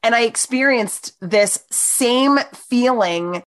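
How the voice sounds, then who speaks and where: A middle-aged woman co-hosting a casual chat, telling lively stories and acting out what people said. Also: fairly high pitch, slow. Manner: animated storyteller, acts out quoted voices. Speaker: podcast co-host.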